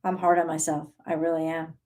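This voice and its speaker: A woman giving a casual live tarot reading, excitable, talking to God and her viewers and swearing now and then. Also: sits low, brisk. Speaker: tarot reader.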